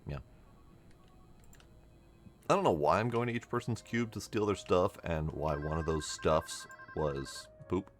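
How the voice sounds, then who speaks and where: A man's voice: sits low, moderate pace, hardly any pauses. A man streaming a game, giving wry, mumbly running commentary and reading the on-screen text aloud. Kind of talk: casual gameplay commentary.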